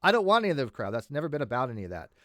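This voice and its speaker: A man's voice: mid-range voice, sing-song, rapid-fire, fairly bright tone, no room sound, studio quality. A man hosting a casual livestream, talking bluntly and emphatically to his community. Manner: emphatic, blunt, repeats himself. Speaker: host of a livestream.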